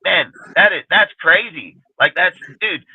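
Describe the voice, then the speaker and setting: A man rants hard through a sports-talk argument, cursing in nearly every sentence in a somewhat high voice. His sound is tinny and phone-like, with a dry, close feel. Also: lively intonation, unhurried, slightly rough, no room sound. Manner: profane ranting, heavy swearing. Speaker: podcast panelist. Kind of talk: heated casual sports talk.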